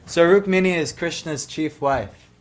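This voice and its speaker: A man's voice: on the high side, measured pace, faint music behind. A man giving a devotional talk, retelling a sacred story in a loose, conversational way full of "like" and "you know". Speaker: devotional speaker.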